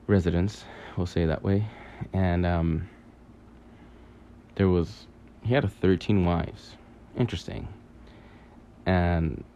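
A man telling a long dream story in a halting, rambling way, full of fillers, restarts and casual swearing. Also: sits low, warm tone, dull audio, a little hiss or hum. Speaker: podcaster recounting a dream.

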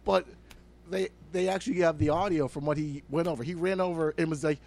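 A young man with a slightly high voice rants about sports on a casual comedy podcast. He swears freely and leans on filler words. His delivery stays animated and chatty. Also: brisk, gravelly. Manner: animated ranting, swears a lot, many fillers. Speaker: podcast co-host.

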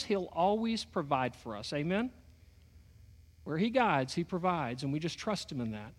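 A pastor delivers his sermon in a high, bright-sounding voice. His talk is folksy and light, full of storytelling asides. The sound trails off in a long church-hall reverb. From Texas. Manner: folksy storytelling with a joking touch.

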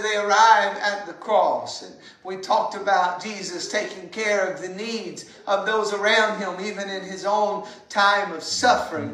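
A woman preaching a sermon in a church, impassioned and rising to shouts. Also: medium pitch, reverberant, low-quality recording.

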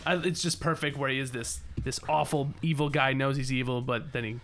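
A man's voice: medium pitch, fairly even intonation, a little fast, a bit bright. A man co-hosting a podcast, talking in a loose, rambling, easygoing way and often laughing. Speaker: podcast co-host. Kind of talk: casual chat.

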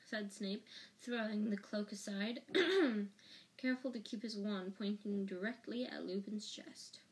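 A woman reading a novel aloud as an audiobook narrator, slow and careful, with small restarts. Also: medium pitch. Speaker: audiobook reader.

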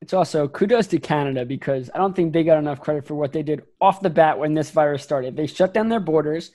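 A man's voice: fairly high pitch, dark tone. A man co-hosting a sports podcast, pressing his point hard and emphatically. He doubles back on his words and leans into each line as his argument builds. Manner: emphatic, ranting, rapid restarts. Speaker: podcast co-host. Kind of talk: heated sports podcast rant.

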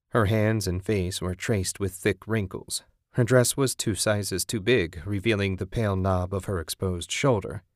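A man narrating a story in a steady, even audiobook style. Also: low voice, no echo, clean studio sound.

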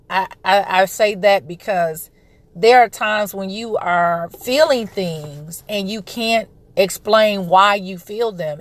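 A woman in her thirties hosting a casual podcast monologue, recovering from a respiratory illness and clearing her throat, telling a story in a chatty way. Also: mid-range voice, no echo. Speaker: podcast host, parent.

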